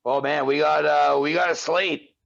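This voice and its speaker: A man's voice: a little high, fairly even intonation, normal speed, creaky, a bit bright, muffled recording. A man co-hosting a podcast in casual banter, joking and laughing often. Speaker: podcast co-host.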